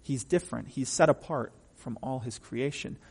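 A man's voice: mid-range voice, moderate pace, gravelly, a little mellow, husky, long reverb tail. A man preaching a sermon from the pulpit, emphatic and often asking the congregation questions. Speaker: pastor.

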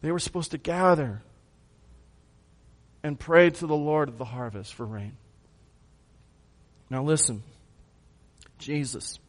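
A man preaching a sermon, who swings from hushed lines to loud bursts and puts questions to his congregation. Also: a little high. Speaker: pastor.

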